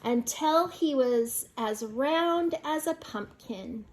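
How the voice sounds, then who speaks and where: A woman's voice: sits high, lively intonation, slow. An older woman reading a picture book aloud to children, amused and breaking in with chatty asides. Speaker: storyteller.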